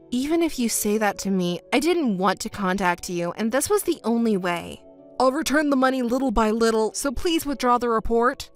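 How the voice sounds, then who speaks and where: A woman's voice: mid-range voice, natural voice. A woman voicing a sheepish, deceitful young male ex-boyfriend in a scripted text story. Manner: pleading, evasive.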